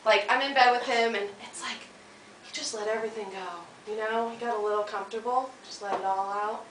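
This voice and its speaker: A woman's voice: a little high, steady tone, fairly quick, fairly bright tone, a little hiss or hum. An American woman performing a stand-up comedy set, chatty and playful, teasing the crowd and putting on silly voices. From United States. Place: comedy club stage. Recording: echoey club, mic heard from a distance. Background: audience laughter.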